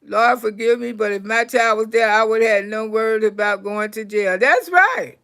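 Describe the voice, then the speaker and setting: A woman telling stories and praying for her live chat, swinging from loud to soft. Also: fairly high pitch, moderate pace, vocal fry, smooth. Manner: animated storyteller, swings from loud to soft prayer. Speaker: comedian livestream host.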